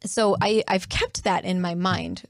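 A woman chatting in a relaxed way, telling stories with many fillers and restarts. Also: fairly low pitch, unhurried, gravelly, no room sound, clean studio sound. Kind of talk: casual conversation.

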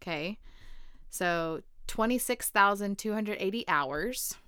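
A woman co-hosting a podcast who listens closely and answers in a quiet, supportive way. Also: mid-range voice, lively intonation, slow, smooth, no room sound. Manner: supportive, soft-spoken listener. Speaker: podcast co-host. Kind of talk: candid conversation.

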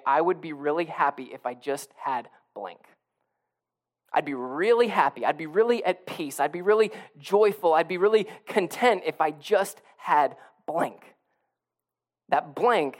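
A male pastor preaching a sermon in a conversational way, often repeating and restarting phrases and building to emphatic peaks. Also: a little high.

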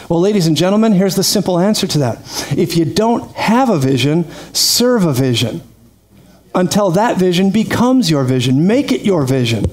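A man preaching a lively sermon, energetic and quick to laugh, calling out praise to his congregation. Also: high-pitched. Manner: energetic, laughs often, calls out "praise God". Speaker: pastor.

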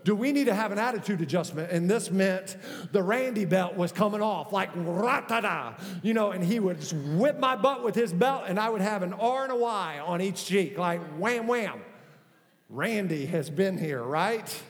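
High-voiced pastor preaching in a hall. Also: male voice, measured pace. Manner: conversational, animated preaching with acted-out quotes. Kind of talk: sermon. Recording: hall reverb.

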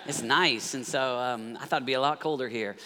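Energetic man preaching in a reverberant hall. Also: mid-range voice, fairly quick. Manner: energetic, calls for congregation responses. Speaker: guest pastor. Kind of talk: sermon. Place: church hall.

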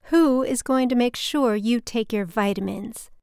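A woman's voice: a little high, a little slow, a little mellow, smooth, no room sound, clean studio sound. A woman putting on the voice of her bossy, theatrical older mother who curses freely. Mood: scolding. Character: blunt, dramatic older mother leaving town.

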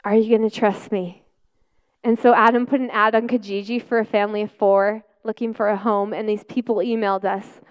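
A woman pastor preaching a personal testimony, telling stories with lively acted-out quotes and easy laughs. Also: mid-range voice, a little fast, few pauses, clear, resonant tone. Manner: animated storytelling, acting out quotes.

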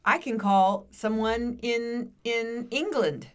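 A woman's voice: fairly high pitch, slow pace. A middle-aged woman in casual chat, candid and loose, often chiming in with agreement.

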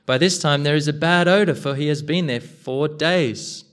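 A man's voice: fairly high pitch, moderate pace, a bit bright, pitched above the performer's own voice, lightly acted. A man reading the lines of an earnest, grieving woman from a scripture passage, plainly and without putting on a voice.

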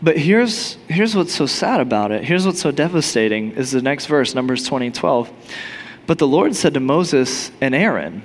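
A male pastor preaching a sermon in an animated, storytelling manner. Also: mid-range voice, moderate pace. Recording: long hall reverb.

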